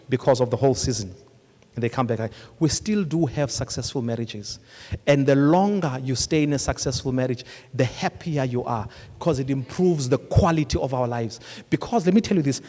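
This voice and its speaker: A male pastor preaching live at a congress, animated and storytelling, often acting out couples talking. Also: a little high. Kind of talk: live sermon. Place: large congress hall. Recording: long hall reverb from a live congress.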